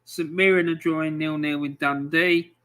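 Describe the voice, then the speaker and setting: A man's voice: a little high, fairly even intonation, normal speed, fairly bright tone, smooth. An Englishman hosting a live football score stream, chatting casually and reading out fixtures with frequent ums.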